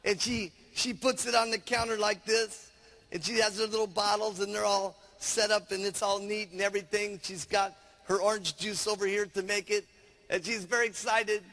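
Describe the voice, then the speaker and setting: A male trainer tells an animated seminar story and acts out the scenes. His voice is high and bright with a gravelly edge. He takes his time and speaks slowly. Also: in a large hall.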